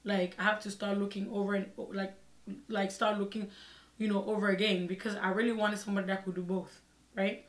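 A young woman vlogger telling a personal story in a casual, expressive way, acting out her own side of the conversations. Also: mid-range voice, a little fast. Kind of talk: storytime vlog. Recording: echoey room.

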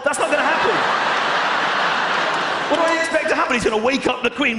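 A man doing stand-up comedy on stage, animated and acting out voices, shouting punchlines. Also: extremely high pitch, fast, creaky, a loud crowd, very noisy. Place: large hall with audience. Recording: echoey live hall, audience laughter.

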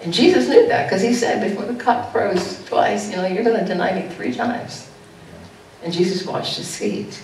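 A woman pastor giving an animated sermon, jumping to high exclamations now and then. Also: normal speed, a little hiss or hum. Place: church sanctuary. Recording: echoey church room heard from a distance.

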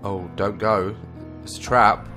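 A young English man giving jokey, swearing commentary while playing a horror game, with loud startled yelps. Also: fairly low pitch, little pitch movement, slow pace, over music. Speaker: gaming YouTuber. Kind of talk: let's play commentary.

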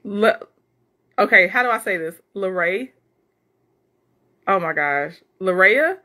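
A woman with a mid-range voice hosts a casual live stream at a slow pace. She reads viewer comments aloud, reacting with animated chatter and frequent laughter.

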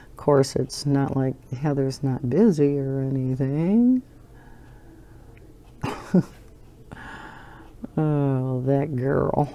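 A woman's voice: deep voice, mellow. An older woman hosting a coloring channel, chatting at home in a rambling way while she colors, with lots of fillers and fond laughs. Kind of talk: casual chat while coloring.

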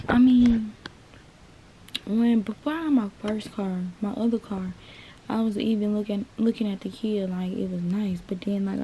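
A young woman talks straight to her viewers from her bedroom, calling them y'all in an easygoing vlog chat. Her voice is mellow and warm, and she speaks at a slow, unhurried pace. A faint hum of room noise sits behind her. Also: mid-range voice. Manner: chatty, addresses viewers as y'all. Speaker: vlogger. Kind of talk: casual vlog talk to viewers.

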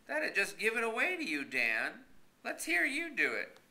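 A stubborn country man holds forth about letters in bright, lively, raised tones, put on by a male reader. He talks in folksy, ungrammatical speech and argues every point. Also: extremely high pitch, moderate pace, gravelly, voice pushed up, full character voice. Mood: exasperated. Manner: folksy rural grammar, argumentative. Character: stubborn rural grown man, fussy about spelling.

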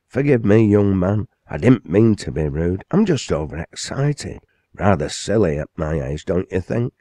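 A man voicing an excitable elderly father in an audiobook, talking loudly and fast with a raised pitch. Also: no echo. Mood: excited. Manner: excited, bursting with news.

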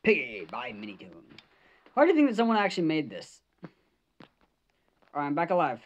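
A woman's voice: deep voice, wildly swooping pitch, a little fast. A woman gamer giving live gaming commentary, jumpy, swearing and shrieking at scares, on a slightly dull lo-fi mic.

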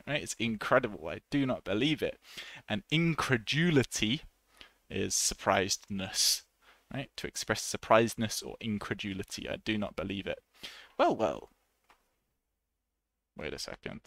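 Guy teaching english online, low gravelly voice, kinda bright, dry close mic, chatty and laughy. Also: big pitch swings, moderate pace, dry recording. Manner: chatty, laughs often, acts out example voices. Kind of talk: casual online English lesson.

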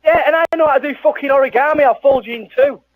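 Man, swearing, aggressive, fast, close headset. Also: extremely high pitch, dry recording, narrow, tinny audio. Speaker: online gamer.

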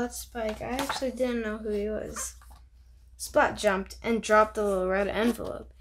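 Bubbly woman reading a picture book aloud. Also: fairly high pitch. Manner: bubbly, chatty, reacts to the pictures. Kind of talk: children's book read-aloud with chatty asides.

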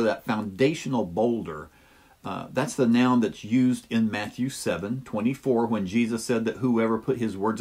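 A man's voice: lowish voice, a little mellow, slightly rough. A man explaining a Bible passage to teachers in a weekly lesson, with a few "uh"s as he goes. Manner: explanatory, with some filler "uh"s.

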